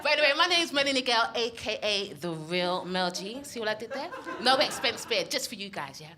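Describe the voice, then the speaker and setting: A woman with a London accent doing a stand-up comedy set. She is playful and chatty, keeps checking in with the crowd, and has a slightly husky voice. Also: fairly high pitch, big pitch swings, fairly quick, sharp tone. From North West London. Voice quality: husky from smoking.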